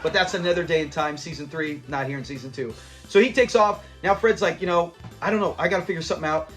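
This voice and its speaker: High-voiced man retelling a sitcom. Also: quick pace, soft background music. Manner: animated retelling, quotes lines in character, laughs often. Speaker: host of a show review channel. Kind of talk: casual chat reviewing a sitcom episode.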